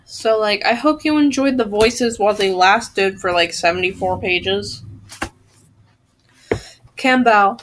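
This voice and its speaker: A woman reading a novel aloud pauses for chatty asides, filling her talk with "like". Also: mid-range voice, fairly even intonation, a little hiss or hum. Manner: chatty, lots of "like". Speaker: audiobook reader.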